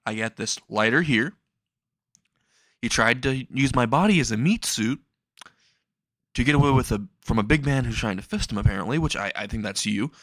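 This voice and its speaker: A man's voice: mid-range voice, lively intonation, brisk, no echo. Man rambling through a fan story. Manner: rambling, restarts, chuckles. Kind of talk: casual fan story narration.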